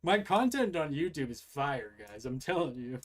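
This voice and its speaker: A man with a fairly high, sing-song voice talks at a moderate pace, giving casual live-stream commentary while reacting to live videos. He's profane, mocking, and argumentative, swearing a lot and arguing back.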